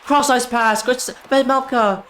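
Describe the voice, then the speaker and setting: A young man commentating his own hockey video game, exasperated and swearing, swinging from loud yelling to low muttering. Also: steady tone, normal speed. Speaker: gaming YouTuber.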